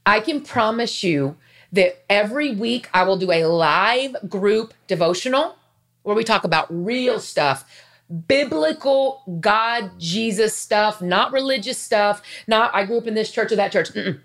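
A woman's voice: medium pitch, lively intonation, a little slow, a bit bright. Earnest, emotional woman in her fifties. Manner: earnest, emotional, chatty with asides. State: near tears. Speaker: faith vlogger. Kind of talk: heartfelt casual talk to camera.

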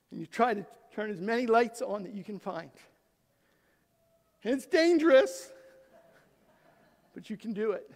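A middle-aged man, a pastor, preaching a sermon with emphasis, swinging from loud to hushed. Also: high-pitched, vocal fry. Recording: long hall reverb.

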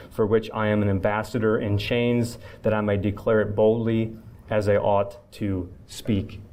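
A man's voice: on the low side, mellow. A man, a pastor, preaching a sermon in an earnest voice, building his points through repeated phrases.

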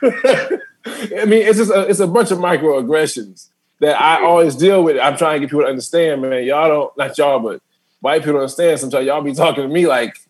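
A man's voice: fairly high pitch, a little fast. A man, a stand-up comedian, chatting as a guest and telling stories with frequent laughter and acted-out quotes. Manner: animated storytelling, frequent laughter, acts out quotes. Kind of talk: casual podcast chat.

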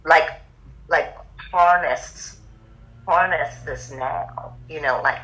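A middle-aged woman telling a personal story as a podcast guest, lively and acting out the lines of other people. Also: low voice, slow pace, rough recording. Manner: animated, acts out quoted dialogue. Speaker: podcast guest, yoga teacher. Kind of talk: casual conversational storytelling.

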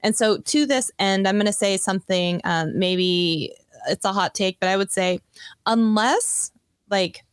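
A woman guest speaking as a video coach, chatting casually and quickly with many fillers over a video call. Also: medium pitch, clear, resonant tone, no echo, studio quality. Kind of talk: casual expert chat.

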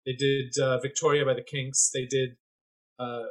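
A man's voice: mid-range voice, little pitch movement, normal speed, low-quality recording. A man on a casual podcast panel, rambling through opinionated points with many fillers. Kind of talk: casual chat.

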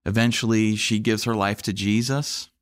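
A man's voice: fairly low pitch, moderate pace, no echo, clean studio sound. A man who is a pastor, telling stories from his church work in an earnest, conversational way, often restarting his sentences. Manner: earnest, animated storyteller with frequent restarts and fillers. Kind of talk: conversational storytelling interview.

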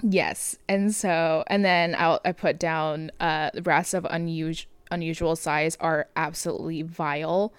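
A woman's voice: sits low, fairly even intonation, measured pace, hardly any pauses, smooth, dry recording. A woman hosting a podcast late at night, recapping a movie in casual chat, often giggling and rambling with many fillers. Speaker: podcast host.

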